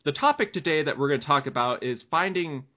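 A man's voice: on the high side, animated, fairly quick. A young man hosting a family podcast, talking easily, laughing and rambling through his thoughts. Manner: easygoing, laughing, rambling with restarts. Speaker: podcast host. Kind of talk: casual podcast chat. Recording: dull lo-fi podcast audio.

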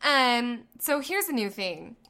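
A woman in her thirties co-hosting a casual chat, telling family stories in an animated way and laughing often. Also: fairly high pitch, takes it slowly. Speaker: podcast co-host.

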